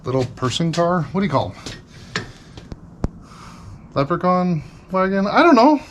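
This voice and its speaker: Joking mechanic man, somewhat high voice. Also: big pitch swings, unhurried, a little hiss or hum. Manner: joking, playful asides. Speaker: mechanic host. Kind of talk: casual talk while working. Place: garage.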